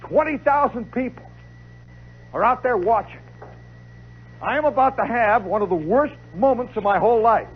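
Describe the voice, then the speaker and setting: A man telling a comic story live, animated and dramatic, with chatty asides to the listener. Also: very high-pitched, normal speed, pauses often. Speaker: radio storyteller. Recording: lo-fi 1960s radio recording with faint hiss.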